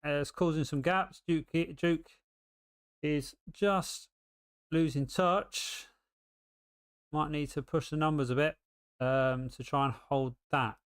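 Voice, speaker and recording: A man's voice: fairly high pitch, steady tone, slow pace, pauses often, smooth, dry recording, studio quality. A British man giving casual live race commentary, rambling and full of ums and restarts.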